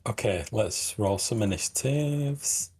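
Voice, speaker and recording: A man's voice: fairly low pitch, expressive, slow pace, darkish tone, slightly rough. A man running a tabletop game as game master, talking casually with many fillers and restarts.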